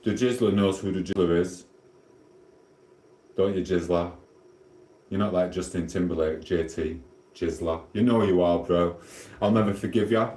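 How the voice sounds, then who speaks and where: A man's voice: low-pitched, fairly even intonation, moderate pace, pauses often, mellow. A middle-aged man with a Sheffield Yorkshire accent, chatting casually with his livestream viewers while cooking at home, rambling in a friendly, matey way. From Sheffield, South Yorkshire. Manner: rambling, matey banter with chat. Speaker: livestream host. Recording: roomy echoing room.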